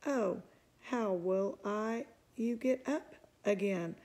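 A woman's voice: medium pitch, takes it slowly, a little mellow. A woman playing a timid worried little girl.

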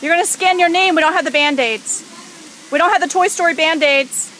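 A woman's voice: very high voice, normal speed, fairly bright tone, a little hiss or hum, rough recording. A mother filming her small son in an outdoor garden, coaxing and teasing him in a playful way. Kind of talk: casual home video chat. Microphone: handheld camera mic.

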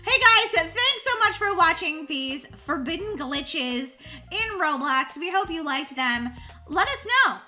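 A female gaming host chatting excitedly and giggling while she plays, talking straight to her viewers. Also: very high-pitched, a little slow, soft background music. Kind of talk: playful gameplay commentary.

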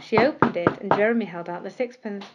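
Gentle woman reading a bedtime story. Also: mid-range voice, lo-fi sound, heavy background noise. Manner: gentle, expressive, slowing for emphasis. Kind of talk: scripted bedtime story narration.

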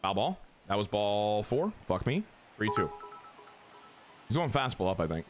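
A young man streaming a baseball video game, giving crude, excitable commentary that jumps into high squeals. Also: normal speed, soft background music. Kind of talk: casual gameplay commentary.

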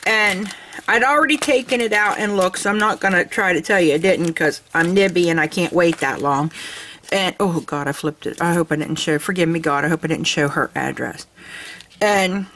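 A middle-aged woman hosting her crafting vlog, gushing with excitement and laughing often. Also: lowish voice, moderate pace, slight background noise. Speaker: crafting channel host. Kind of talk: casual vlog chat.

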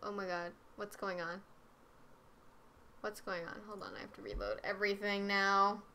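A woman's voice: mid-range voice, sing-song, normal speed, pushed and bright, a little hiss or hum. A woman streaming herself playing a video game, talking to viewers and swearing constantly in exasperated outbursts. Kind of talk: live gameplay commentary. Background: game music.

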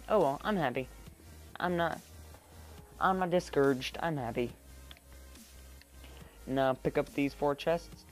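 A man giving chatty let's-play commentary, rambling and getting excited as he plays. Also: medium pitch. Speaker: gameplay commentator. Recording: quiet background music. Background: faint background music.

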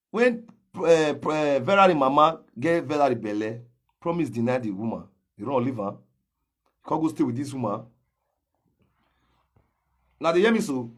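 Husky Nigerian Pidgin man ranting loudly. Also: a little high. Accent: Nigerian Pidgin English. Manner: confrontational, calls out and challenges directly. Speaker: gossip commentator. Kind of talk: ranting social media commentary.

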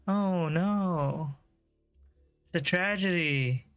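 Bright-voiced laughing male streamer. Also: high-pitched, very slow, smooth, soft background music. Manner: jokey, laughs often, swears, teases chat. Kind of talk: casual live gameplay commentary.

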